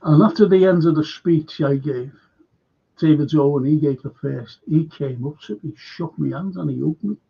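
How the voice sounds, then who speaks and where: A man's voice: fairly high pitch, moderate pace, gravelly, husky. A man with a Liverpool accent hosting a current affairs livestream, telling a meandering, earnest anecdote full of asides and restarts. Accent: Liverpool (Scouse). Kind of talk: rambling anecdotal storytelling. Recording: dull lo-fi livestream audio.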